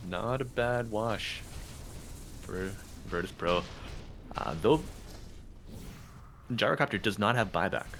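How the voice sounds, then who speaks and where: A man commentating on an esports match as the analyst, measured and asking his co-caster questions. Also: on the low side, a bit bright, faint music behind. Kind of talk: live game commentary.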